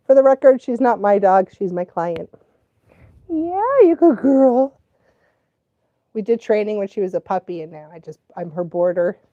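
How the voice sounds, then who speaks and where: A woman's voice: medium pitch, fairly quick, hardly any pauses, no room sound, phone-quality sound. A woman dog trainer hosting a casual watch-along live stream, chatty and laughing often, cooing baby talk at a dog now and then.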